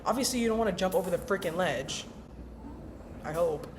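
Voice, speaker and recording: A young self-help vlogger with a lowish voice speaks briskly against background noise. Her casual mindset talk is emphatic, chatty and slang-filled, complete with acted-out inner voices.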